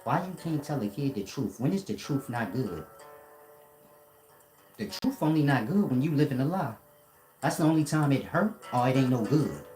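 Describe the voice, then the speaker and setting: A man's voice: medium pitch, darkish tone. Combative man ranting in a roomy space. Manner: confrontational, profane, lecturing. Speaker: commentator. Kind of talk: casual monologue rant. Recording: roomy echo.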